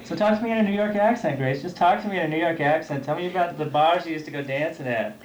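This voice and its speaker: A woman briskly directs a performer, telling her what to say. Her voice is low, and faint noise sits behind her. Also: a little mellow, echoey room, poor audio.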